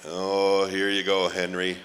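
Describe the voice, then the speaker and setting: Slow-talking emcee man with a PA echo. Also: deep voice, completely flat delivery, a bit bright. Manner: slow, drawn-out calls with frequent "oh, uh" fillers and joking asides. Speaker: pow wow emcee. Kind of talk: live event announcing. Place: large outdoor event grounds.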